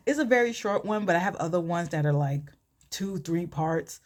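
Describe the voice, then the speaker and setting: Woman vlogger, slightly low voice, chatty storytelling with asides during a makeup tutorial. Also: expressive, moderate pace. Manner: chatty, filler-heavy, asides to herself while working.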